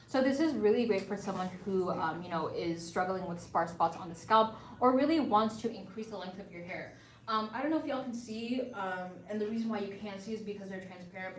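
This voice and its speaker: A woman hosting a live shopping stream, chatting upbeat and casual with viewers as she pitches hair-care bundles. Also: distant mic. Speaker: livestream seller. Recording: echoey room, voice a bit off-mic, faint ambience.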